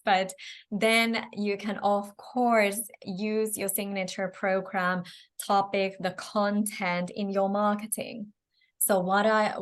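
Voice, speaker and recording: A woman's voice: medium pitch, fairly bright tone. A woman business coach running a live online mentoring session, talking in a friendly, loose way with frequent hesitations and restarts, her voice tiring after a long stretch. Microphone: video call microphone.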